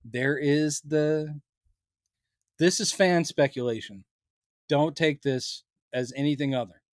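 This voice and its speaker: Animated, jokey man with a fairly high voice. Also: slow, dry recording, clean studio sound. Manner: animated, jokey, acts out quotes in silly voices. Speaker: podcast co-host. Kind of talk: casual chat.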